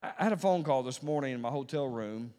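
A male preacher delivering a Pentecostal sermon in a medium-pitched voice. He drops to hushed, drawn-out words and then climbs to loud, emphatic peaks, hammering phrases through repetition. His voice rings out with the long reverb of a large hall. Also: lively intonation. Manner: preaching with wide swings between hushed and loud. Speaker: pastor.

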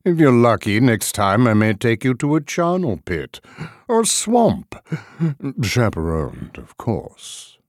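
An actor playing a charming, wry male noble knight in an audiobook drama, talking in a smooth, teasing way. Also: medium pitch, sing-song, takes it slowly, no room sound, clean studio sound.

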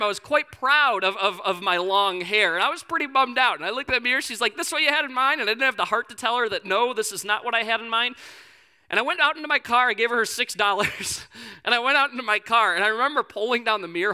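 Lively high-voiced young preacher man. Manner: lively storytelling with humor and quoted voices. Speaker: pastor. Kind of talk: sermon.

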